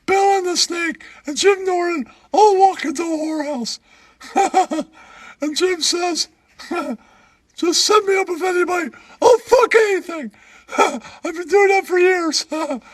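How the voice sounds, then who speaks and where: A man voicing a giggling, shrill-voiced male comic who emcees and cackles between lines. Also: no echo.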